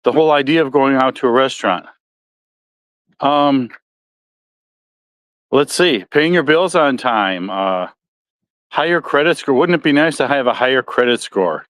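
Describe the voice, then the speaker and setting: A man's voice: mid-range voice, animated, measured pace, pauses often, fairly bright tone, dry recording. Folksy Midwestern man with a dry sound. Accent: Midwestern American. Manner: rambling, self-correcting, folksy. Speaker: podcast host. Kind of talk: casual solo podcast talk.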